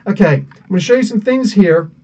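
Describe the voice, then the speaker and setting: A man's voice: high voice, lively intonation, brisk, mellow. A man hosting a live podcast, chatting casually and rambling as he greets viewers by name. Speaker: podcast host. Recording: dull sound, mic somewhat distant.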